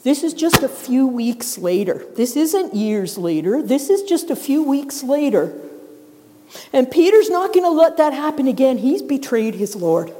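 A middle-aged woman preaching a sermon in a church, telling the story in a lively way and acting out the characters' voices. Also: high-pitched, unhurried, slight background noise. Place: church sanctuary. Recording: long reverb of a large hall.

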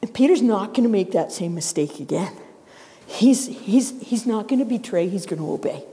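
A middle-aged woman preaching a sermon in a church, telling the story in a lively way and acting out the characters' voices. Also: mid-range voice, normal speed. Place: church sanctuary. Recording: long reverb of a large hall.

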